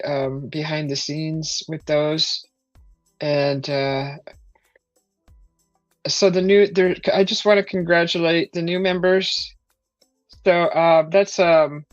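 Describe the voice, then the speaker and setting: A woman hosting a casual live stream, chatting with viewers, hesitant with many fillers and thanking viewers with excited whoops. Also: lowish voice, dry recording, lo-fi sound.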